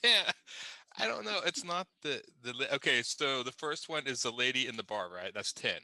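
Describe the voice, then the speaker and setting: Laughy guy hosting, bouncy pitch, bright dry voice. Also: moderate pace, dry recording. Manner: animated, laughs often. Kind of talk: casual group chat.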